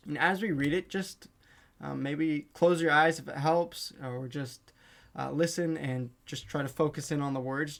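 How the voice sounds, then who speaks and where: A man leading a youth group online, giving a gentle, earnest devotional talk and reading scripture aloud, over a video call. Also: on the high side, vocal fry. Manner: gentle, earnest, with frequent fillers.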